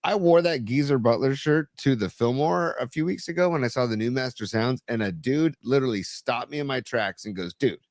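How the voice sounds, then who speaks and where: A man co-hosting a live-streamed podcast, chatting casually and warmly thanking viewers by name. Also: medium pitch, fairly quick, hardly any pauses, no echo, studio quality. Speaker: podcast co-host.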